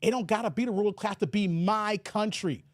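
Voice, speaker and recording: A man's voice: high voice, a little fast, dry recording. Combative man, dry close mic. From United States. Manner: combative, mocking, repeats filler "here". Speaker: channel host. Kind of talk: reading emails and ranting on camera.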